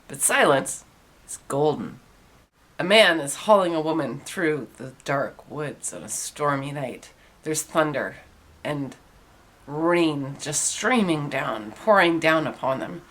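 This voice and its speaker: A woman host telling rapid-fire dark one-liner jokes in a deadpan delivery. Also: low-pitched.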